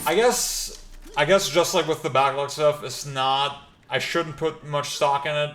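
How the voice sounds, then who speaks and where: A man's voice: on the high side, unhurried. Rambling male streamer in a roomy room. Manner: rambling, filler-heavy, excited outbursts during play. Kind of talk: casual chat while gaming. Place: new apartment. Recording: roomy, noisy.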